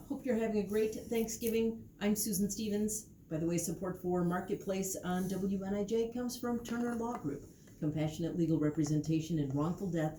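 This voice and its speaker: A woman radio host giving station IDs and sponsor credits in a smooth, practiced announcer delivery. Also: medium pitch, mellow. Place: radio station control room. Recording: echoey room with faint background noise.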